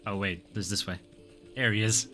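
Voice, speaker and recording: A man streams a video game, reading item descriptions aloud and muttering offhand asides between them in a casual way. His voice sits on the low side and is pushed and bright, with fairly even intonation, a moderate pace, and faint music behind.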